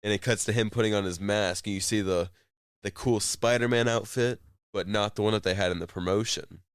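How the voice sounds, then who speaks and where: Male co-host, deep and smooth, chatty recap, dry close sound. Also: steady tone, fairly quick, no echo. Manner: rambling retelling with fillers and laughs. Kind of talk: casual chat.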